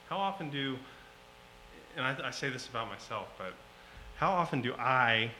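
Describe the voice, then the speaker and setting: A man preaching a sermon, slow and emphatic, rising to loud pleading at times. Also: mid-range voice, slight background noise, poor audio.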